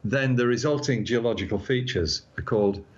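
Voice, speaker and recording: A man's voice: mid-range voice, a little fast. A man, an astronomer, explaining science in a casual, self-deprecating chat. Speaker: astronomer guest. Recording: dull lo-fi sound.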